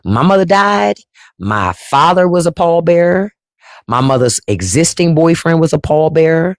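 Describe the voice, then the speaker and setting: A woman's voice: deep voice, very animated, moderate pace, dry recording. A woman hosting a casual livestream, telling stories in a blunt, profane way into a close mic. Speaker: host.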